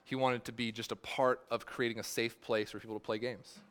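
A man's voice: mid-range voice, level tone, a little fast, fairly bright tone, clean tone. Guy pastor preaching real casual, lots of likes and ums, kinda rambly. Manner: casual, rambling with many fillers. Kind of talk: sermon.

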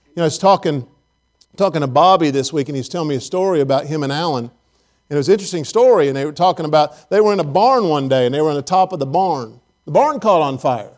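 A male pastor delivering a casual, storytelling sermon in a slightly high voice. He jokes, asks the congregation questions and keeps things friendly and loose. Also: expressive, fast, darkish tone. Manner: conversational, joking, speaks straight to the congregation. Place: church service.

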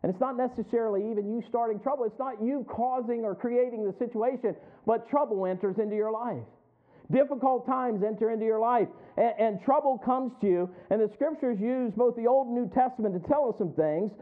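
A male preacher with a fairly high voice delivers a sermon, quoting scripture and playfully acting out his listeners' thoughts. The recording sounds thin and phone-like. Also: fairly quick. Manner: folksy, acts out the congregation's inner voices; laughs often between lines.

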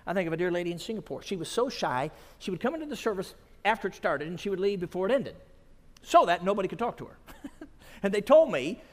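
Chuckling preacher in a reverberant hall. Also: male voice, high-pitched, very animated, fast. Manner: storytelling with frequent chuckles. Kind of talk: sermon. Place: large conference hall.

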